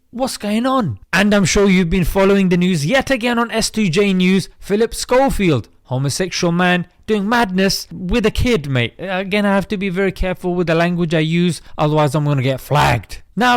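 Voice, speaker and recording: A man's voice: high-pitched, animated, normal speed, few pauses, clear, resonant tone, no room sound, studio quality. A British man hosting an opinion commentary vlog, preachy and chatty, calling his viewers mate. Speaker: host.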